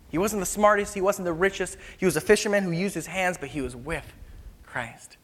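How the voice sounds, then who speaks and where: A man preaching a storytelling sermon in a casual, conversational way, sometimes dropping to hushed tones, recorded in a large hall with a long reverb. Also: high voice, fairly quick.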